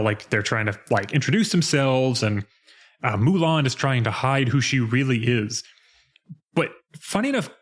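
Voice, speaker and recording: A man co-hosting a podcast, chatting casually about a game he played and acting out quoted lines with laughs. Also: mid-range voice. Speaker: podcast co-host. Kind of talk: casual chat recapping a game.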